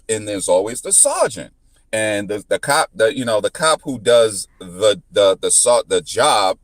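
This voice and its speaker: Animated man telling a story. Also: dry recording. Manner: animated, repetitive restarts, jumps into high pitch when quoting. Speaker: podcast guest. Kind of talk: casual storytelling.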